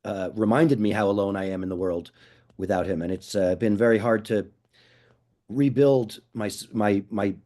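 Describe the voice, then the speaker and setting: A man's voice: fairly low pitch, moderate pace, warm tone. A man answering a panel question on a video call, speaking in an earnest, reflective way. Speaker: panelist and podcaster. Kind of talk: casual spoken answer.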